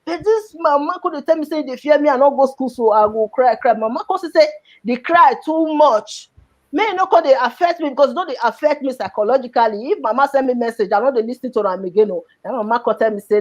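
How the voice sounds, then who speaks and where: High-voiced woman speaking Nigerian Pidgin. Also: fairly quick, lo-fi sound. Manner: emotional, repetitive Pidgin storytelling. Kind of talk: personal storytelling.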